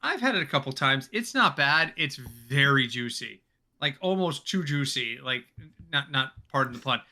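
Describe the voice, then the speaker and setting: A man's voice: medium pitch, lively intonation, normal speed, pushed and bright, slight background noise. A man co-hosting a football podcast, chatty and joking, a little tired, talking in casual chat. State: tired, yawning. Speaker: podcast co-host.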